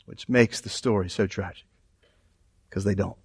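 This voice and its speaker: A man preaching a sermon in an animated way, moving between loud emphasis and quiet asides. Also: lowish voice, normal speed, breathy edge, no echo, clean studio sound. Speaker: pastor.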